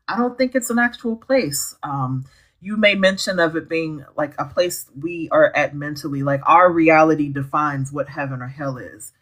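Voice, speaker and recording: A woman's voice: low voice, rough recording. Bubbly woman hosting a live stream. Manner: bubbly, slangy, quick to laugh. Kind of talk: casual live-stream chat, reading viewer comments.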